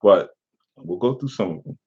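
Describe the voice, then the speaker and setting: A man's voice: fairly low pitch, expressive, moderate pace, mellow, husky. A man who is a spiritual teacher, reading a message aloud in a casual commentary and breaking off with laughter and sarcastic asides. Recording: dull lo-fi recording.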